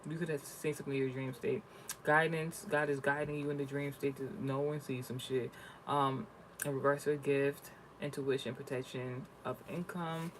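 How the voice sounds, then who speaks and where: Gravelly, foul-mouthed man ranting. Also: a little high, fairly quick, slight background noise, rough recording. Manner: blunt, cursing, rambling storytelling. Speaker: spiritual reading vlogger. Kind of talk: profane casual rant vlog.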